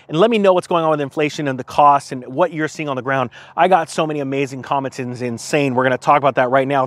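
A chatty man hosts a casual morning vlog, reading viewer comments and reacting with self-deprecating asides. His voice sits a bit high for a man. The sound is dry and close, with no room in it. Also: a bit bright, dry recording. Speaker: vlogger host. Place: outdoors at sunrise.

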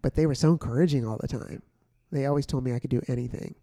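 A man's voice: medium pitch, quick pace, warm tone, no echo, clean studio sound. A man co-hosting a casual, faith-based podcast chat, earnest and easygoing, with filler words. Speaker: podcast co-host.

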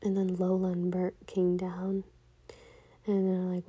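A young woman telling a personal story in a casual, hushed way, often half-whispering and full of "like". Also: on the low side, completely flat delivery, a little slow, breathy edge.

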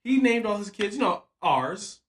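A man's voice: high-pitched, lively intonation, moderate pace, fairly bright tone. A man co-hosting a casual podcast, chatting and teasing with frequent laughs. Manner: laughs often, playful teasing. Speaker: podcast co-host. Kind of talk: casual chat.

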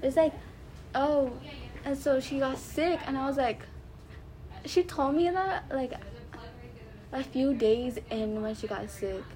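A woman's voice: high-pitched, unhurried, dark tone. A young woman co-hosting a podcast in casual chat, telling her stories by quoting what others said. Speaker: podcast co-host.

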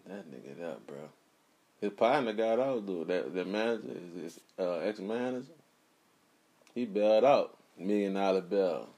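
A man's voice: lowish voice, animated, normal speed, dark tone. A man co-hosting a casual late-night chat, laid-back and slangy, chuckling often. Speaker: podcast co-host.

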